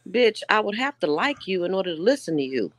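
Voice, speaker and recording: A woman's voice: mid-range voice, sing-song, a little fast, no room sound. A woman co-hosting a reaction show who comments in a blunt, profane and emphatic way.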